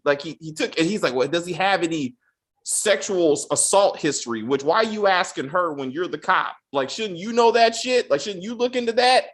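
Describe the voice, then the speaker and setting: Dude hosting a movie review chat, bouncy pitch, swears a lot, keeps restarting. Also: male voice. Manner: animated, profane, many restarts and acted-out quotes. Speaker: podcast host. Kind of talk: casual film review chat.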